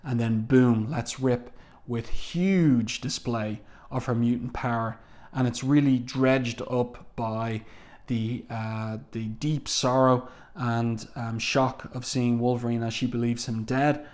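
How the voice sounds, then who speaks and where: A man's voice: medium pitch, fairly even intonation, slow pace, darkish tone. A man reviewing a comic book, walking through the panels in casual narration with frequent ums. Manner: walks through panels, reads dialogue aloud, frequent ums.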